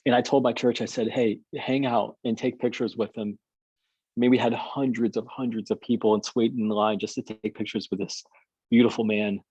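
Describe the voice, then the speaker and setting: Male pastor, storytelling, repeats himself. Husky, mellow tone, muffled dry call audio. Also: medium pitch, dry recording. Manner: rambling, repeats words and restarts. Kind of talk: storytelling in a video call interview.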